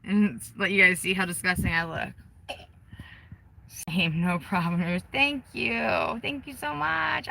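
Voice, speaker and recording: Gravelly, low-voiced woman chatting candidly. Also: pushed and bright, slight background noise, low-quality recording. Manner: candid, profane, self-mocking. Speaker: vlogger on a live stream. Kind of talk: casual rambling chat. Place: inside a car with the window open. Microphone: handheld phone.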